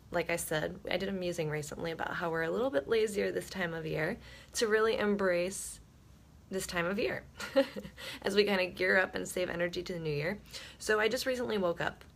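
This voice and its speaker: Groggy just-woken woman with a croaky voice. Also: mid-range voice, fairly bright tone. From Buffalo, New York. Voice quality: croaky morning voice. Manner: candid, reflective, rambling. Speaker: vlogger. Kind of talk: casual morning livestream musing.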